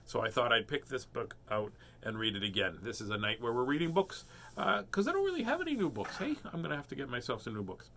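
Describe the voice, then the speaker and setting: A man's voice: mid-range voice, very animated, fast talker, vocal fry, sharp tone. A man hosting a read-aloud of children's picture books, reading in a playful, rhyming sing-song way.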